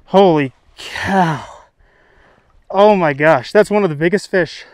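A man's voice: high-pitched, a little fast, no room sound, studio quality. A young man vlogging his fishing outdoors on a riverbank, breathless and exclaiming in disbelief. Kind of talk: excited outdoor vlog commentary.

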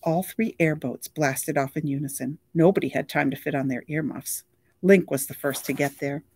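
An audiobook reader narrating a novel in a steady, even storytelling voice. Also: medium pitch, moderate pace, slightly rough, dry recording.

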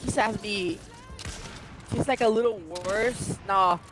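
A young man chatting while gaming, slangy and excitable, yelling to teammates. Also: high-pitched, measured pace, over music. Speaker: gamer. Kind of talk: casual chat while gaming. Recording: noisy online voice chat.

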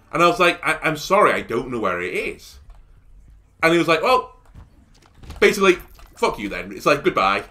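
Animated man doing game commentary. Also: medium pitch. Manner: animated storytelling, rising to exasperated shouts. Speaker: gaming YouTuber. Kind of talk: casual let's-play commentary.

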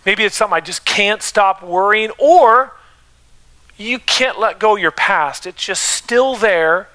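Man pastor, pulpit sermon in a church; higher voice, bright and ringing, stirs up the room with repeated questions. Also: unhurried, poor audio. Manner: preaching with rising emphasis and calls to the congregation. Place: church sanctuary.

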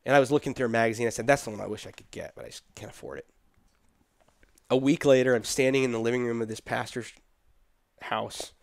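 A middle-aged man telling a personal story in casual conversation, animated and quoting the people in it. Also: medium pitch, quick pace, gravelly, dry recording. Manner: animated, quotes people in his story, laughs between. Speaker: guest telling his story.

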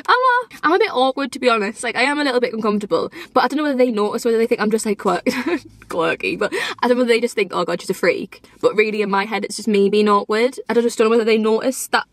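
A woman's voice: mid-range voice, fairly bright tone, dry recording. Woman in her twenties, rambly chatty car vlog, laughs a lot, dry sound. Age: 20s. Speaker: vlogger. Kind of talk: casual chat to camera. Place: inside a car. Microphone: phone or camera in a car.

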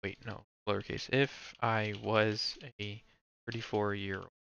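A man with a fairly low, little-moving pitch speaks a little slowly with vocal fry and a slightly bright tone. He's a streamer ranking movies, rambling and cursing in casual self-talk as he thinks aloud. The audio is lo-fi with slight background noise.

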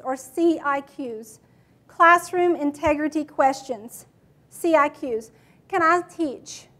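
Woman, high voice, teacher workshop talk, matter-of-fact, asks the room questions. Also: a bit bright. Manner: matter-of-fact, quizzes the audience. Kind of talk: classroom management workshop talk.

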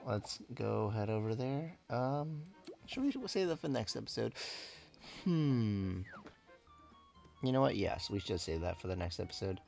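Gravelly-voiced man narrating his gameplay. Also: on the low side, expressive, measured pace, darkish tone, soft background music. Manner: rambling, self-correcting, laughs a lot. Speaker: let's play gamer. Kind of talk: casual gameplay commentary.

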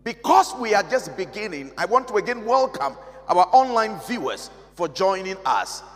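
High, lively-voiced pastor preaching slowly. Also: male voice. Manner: measured, emphatic preaching with repeated phrases. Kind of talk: sermon. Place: large church hall. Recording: long reverb of a church hall.

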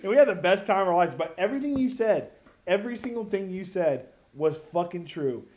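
Excitable man in his thirties. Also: sits high, brisk. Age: 30s. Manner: animated, profane, rambling with many restarts. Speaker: podcast co-host. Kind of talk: casual storytelling among friends.

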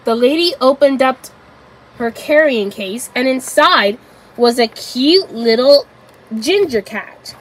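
A woman narrating a children's story aloud in a halting way. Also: sits high, animated, rough recording. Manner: halting, with restarts.

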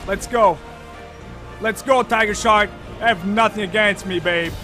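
Very high-voiced man streaming a game. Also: unhurried, faint music behind. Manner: thinks aloud with many fillers, bursts into loud excited shouts. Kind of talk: live gameplay commentary.

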